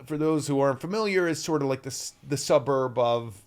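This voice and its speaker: A man's voice: medium pitch, brisk. Talkative man in his fifties. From US East Coast. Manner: animated, rambling storyteller. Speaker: guest, actor. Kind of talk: casual podcast chat.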